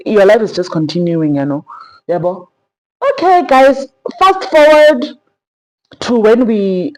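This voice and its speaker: A young woman with a South African accent telling a personal story in a sit-down vlog, animated and quick to act out the people in it. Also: lowish voice, poor audio. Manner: animated, dramatic quoted voices, frequent fillers. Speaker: vlogger.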